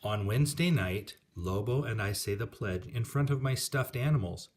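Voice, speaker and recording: A man calmly reading a children's picture book aloud. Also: fairly low pitch, normal speed, slight background noise.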